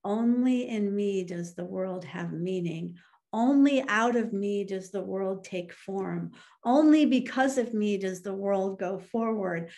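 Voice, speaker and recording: A middle-aged woman minister delivers a sermon at an unhurried pace, telling a story and then reading a poem aloud. Her voice has a gravelly edge, and her tone is earnest, rising with feeling at the dramatic moments. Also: medium pitch, a little mellow. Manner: slow, earnest, with emotional swells.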